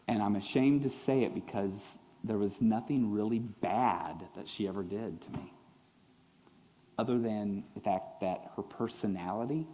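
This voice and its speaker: A man preaching a sermon as pastor, animated, acting out quotes and swinging between loud and soft. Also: on the low side, big-room sound, rough recording. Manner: animated, acts out voices and quotes, big swings in loudness.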